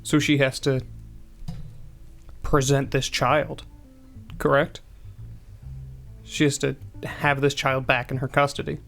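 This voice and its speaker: A man's voice: mid-range voice, little pitch movement, slow pace, creaky, long pauses, fairly bright tone, soft background music. A man playing a tabletop game, blunt and casually swearing as he works through the plan. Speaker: player. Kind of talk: tabletop role-play, casual chat.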